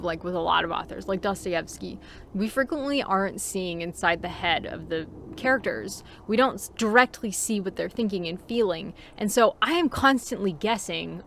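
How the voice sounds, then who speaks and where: A woman's voice: medium pitch, a bit bright, a little hiss or hum. Casual Californian woman, unedited home book-review talk, chatty and rambling. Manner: chatty, rambling, with fillers and laughs. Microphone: home recording, unedited.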